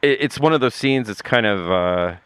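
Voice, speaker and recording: A podcast co-host with a smooth, resonant voice, recorded close and dry. He rambles through stories in a loose, filler-heavy casual chat. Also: on the low side, expressive, normal speed, fairly bright tone, no room sound.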